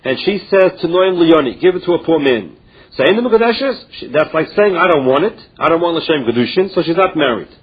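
A man's voice: a little high, lively intonation, fairly quick, breathy edge. A man teaching a Talmud class, reading Aramaic phrases and explaining each one in plain English. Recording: dull lo-fi recording.

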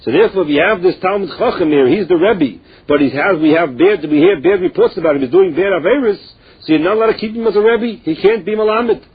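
A man leads a Talmud lesson, chanting each source line slowly and then explaining it plainly. His voice sits high for a man and sounds husky. The recording is dull and lo-fi. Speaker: Talmud teacher. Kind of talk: Talmud lesson, translating Aramaic into English.

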